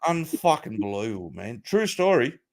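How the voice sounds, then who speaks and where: A man tells a rowdy story over a call, swearing freely and chuckling at his own punchlines. His voice sits at an ordinary middle pitch. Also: very animated, moderate pace. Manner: crude, swears a lot, laughs while telling. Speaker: podcast host telling a story. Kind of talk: casual storytelling chat.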